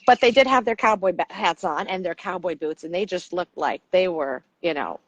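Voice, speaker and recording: A woman's voice: fairly low pitch, moderate pace. A middle-aged woman from the United States, a coach, telling stories in a casual interview and acting out the people she quotes. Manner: animated storyteller, acts out quotes. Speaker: podcast guest, coach.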